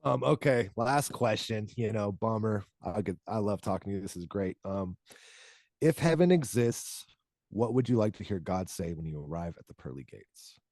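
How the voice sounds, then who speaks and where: A man's voice: on the low side, animated, moderate pace, a little mellow, dry recording. A man hosting an interview, laid-back and playful, often laughing along with his guest. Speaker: interviewer, host. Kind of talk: casual interview chat.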